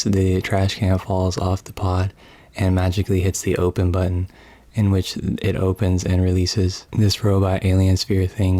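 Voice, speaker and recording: Deep flat deadpan man. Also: no echo. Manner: deadpan, mocking. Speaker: game story recapper. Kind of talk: comedic sarcastic story summary.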